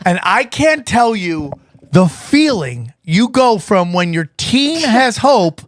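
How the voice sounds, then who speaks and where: A man with a high voice tells a story on a podcast. He acts out every line people said and his voice climbs into excited shouts. The sound is dry and close. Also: slow pace, no room sound. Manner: animated, acts out quotes, rising to shouts. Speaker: podcast co-host. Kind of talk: casual storytelling chat.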